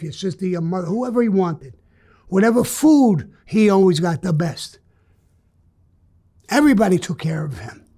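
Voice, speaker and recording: Blunt, profane older man, high-pitched. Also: mellow. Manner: blunt and profane, with emphatic bursts. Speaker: interviewee. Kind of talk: candid interview storytelling.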